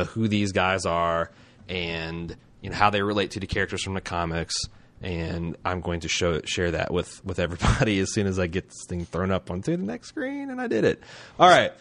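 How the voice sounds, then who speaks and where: Podcast dude rambling on, low-ish voice, lots of restarts and cussing. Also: male voice, fairly bright tone. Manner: rambling, loose and profane, with many restarts and fillers. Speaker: podcast co-host. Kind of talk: casual chat.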